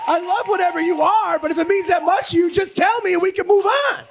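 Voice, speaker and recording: A man doing stand-up comedy on a club stage, ranting profanely and shouting punchlines. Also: very high voice, brisk, gravelly, crowd noise. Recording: live comedy club, noisy audience.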